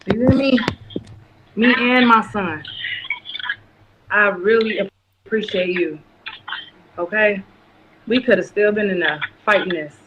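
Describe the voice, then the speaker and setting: A heartfelt, grateful woman with a Chicago accent speaks on a live stream. Her voice sounds dull and muffled, as if over a call. Loud noise sits behind it. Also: mid-range voice, takes it slowly, long pauses. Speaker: guest mother. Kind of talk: tearful live stream talk.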